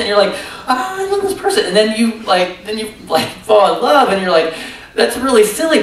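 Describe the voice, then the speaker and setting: Man preaching, animated storyteller, heavy echo, distant mic. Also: very high voice. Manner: animated storytelling, acts out his own thoughts. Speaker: pastor. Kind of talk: sermon. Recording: echoey room from far off.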